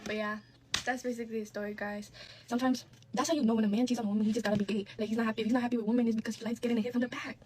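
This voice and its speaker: Brief: female storyteller, casual and rambling, fast delivery. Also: fairly high pitch, level tone, noisy background. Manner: candid, swears freely, rambling asides.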